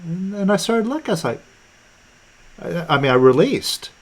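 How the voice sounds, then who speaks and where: Relaxed man teaching on a video call. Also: sits high, moderate pace. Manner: relaxed, conversational, frequent fillers and restarts. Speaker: teacher hosting a live online session.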